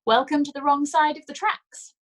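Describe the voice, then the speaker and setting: A woman voicing a blunt, mocking old village woman who speaks loudly, briskly and with scorn. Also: medium pitch, sing-song, husky.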